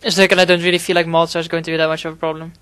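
A man narrating his own gameplay in a loose, rambling way, swearing freely and padding his sentences with fillers. His voice is smooth and clean, but his pitch stays fairly level, with little rise and fall. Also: level tone, rapid-fire, a bit bright, no room sound. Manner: rambling, profane, frequent fillers. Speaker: gaming commentator. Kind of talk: casual gameplay commentary.

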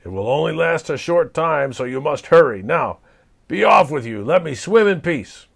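A man voicing a grumpy, ancient female frog witch in a storybook reading, with a croaking, scolding manner. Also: fairly high pitch, expressive, moderate pace, voice pushed up. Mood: bossy.

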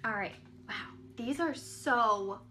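A woman hosting a live online sales show, gushing and exclaiming excitedly as she presents each item. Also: on the high side, takes it slowly, a little hiss or hum. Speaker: live-stream pearl seller.

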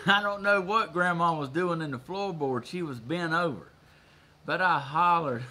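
A man with a Southern US accent hosting a casual livestream, folksy and quick to laugh as he chats with viewers. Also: fairly high pitch, pushed and bright. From Georgia, USA. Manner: folksy, laughs often, reads out viewer comments. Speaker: livestream host. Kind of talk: casual live chat with viewers.

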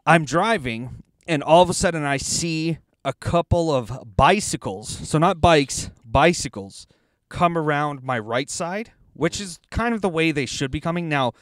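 A man's voice: on the high side, animated, unhurried, no room sound, studio quality. A man, co-hosting a podcast from inside a car, telling a profane, ranting story in casual chat. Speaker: podcast co-host.

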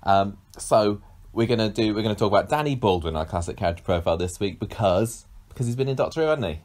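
A man with a low voice hosts a relaxed podcast conversation. He jokes around and makes fun of himself as he talks. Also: fast talker. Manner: jokey, self-mocking, tries silly accents. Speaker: podcast co-host. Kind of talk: casual podcast chat.

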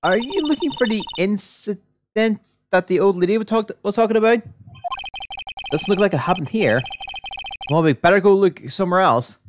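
A woman's voice: medium pitch, lively intonation, normal speed, long pauses, noisy background. Woman streamer reading a game aloud. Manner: casual, reading every part aloud.

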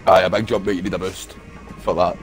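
A man's voice: deep voice, fairly even intonation, fast, soft background music. A Scottish man gaming with a friend, talking in laid-back, easygoing banter. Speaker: gamer streaming with a friend.

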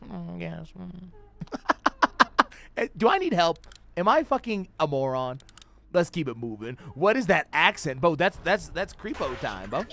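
A young man doing loud, profane let's-play commentary on a horror game, screaming at jump scares. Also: fairly high pitch, big pitch swings, a little slow, creaky. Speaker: gaming streamer.

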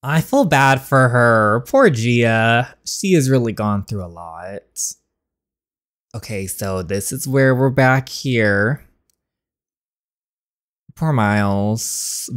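A man's voice: mid-range voice, lively intonation, takes it slowly, long pauses, fairly bright tone. A man hosting a story-game playthrough, chatting through sympathetic asides. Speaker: let's play host.

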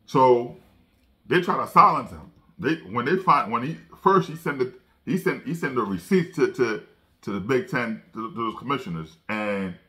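A man giving casual sports commentary, talking emphatically, stammering and restarting his sentences over and over. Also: on the low side. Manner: emphatic, animated when quoting others.

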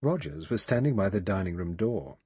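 A man narrating a mystery audiobook in a measured, dramatic reading. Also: sits low, sing-song, a little mellow, breathy edge, dry recording.

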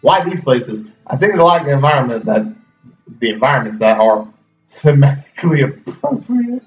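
A man's voice: mid-range voice, sing-song, moderate pace, close to an everyday voice. A man doing a weary frontier horse trader. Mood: hopeful. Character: worried old-west horse seller, weary. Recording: roomy, distant, dull, faint music.

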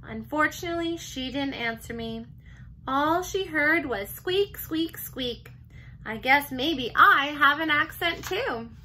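A teacher reading a children's chapter book aloud, gentle and expressive. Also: female voice, high-pitched, takes it slowly, a little hiss or hum, rough recording. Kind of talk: storybook read-aloud.

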